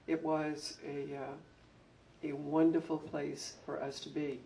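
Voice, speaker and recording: An older man recalls his years running a school, telling heartfelt stories that turn animated when he acts out an anecdote. His voice is gravelly and sits a bit high. He is recorded from a distance, with a faint hum in the background. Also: slow. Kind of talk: reminiscing talk at a public event. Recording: distant mic with faint room noise.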